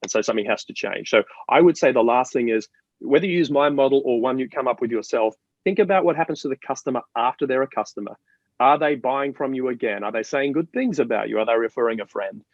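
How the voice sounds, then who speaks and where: A man's voice: medium pitch, quick pace, no echo. Guy from australia chatting in an interview, lots of restarts, kinda dull dry audio. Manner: animated, storytelling with many restarts. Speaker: marketing guest. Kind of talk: interview conversation.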